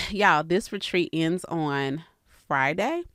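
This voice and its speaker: Earnest low-voiced woman podcaster. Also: expressive, slow pace, a bit bright, dry recording, clean studio sound. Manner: earnest, candid and faith-filled, talking straight to listeners. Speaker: real estate coach and podcast host. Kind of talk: casual podcast monologue.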